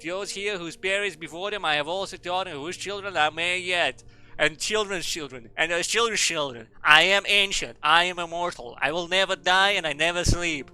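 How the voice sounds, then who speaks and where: A man's voice: high-pitched, moderate pace, bright, forceful tone, smooth, soft background music, voice pushed up. A man doing a grand old headmaster. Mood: grandiose. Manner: grandiose, theatrical oratory. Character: pompous ancient male headmaster giving farewell speech.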